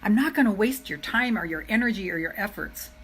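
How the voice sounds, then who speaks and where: A middle-aged woman talking straight to her viewers in a live motivational session. Her pitch sits in an ordinary middle range, and her delivery is earnest and chatty. She leans on repeated phrases to drive each point home. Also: expressive, fairly quick, fairly bright tone, breathy edge, low-quality recording. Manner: chatty, addresses viewers as "you guys". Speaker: self-love coach.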